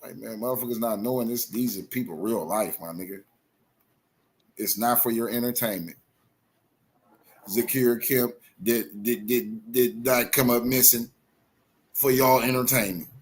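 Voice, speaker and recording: A man's voice: mid-range voice, steady tone, unhurried, long pauses, slightly rough. A man hosting a live online show, ranting in heated casual commentary, profane and repetitive.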